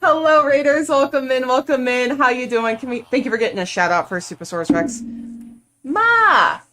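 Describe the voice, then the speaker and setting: A woman's voice: high voice, a little fast, fairly bright tone, faint music behind. A young woman from the United States chatting casually and playfully on a live game stream, full of "like" fillers.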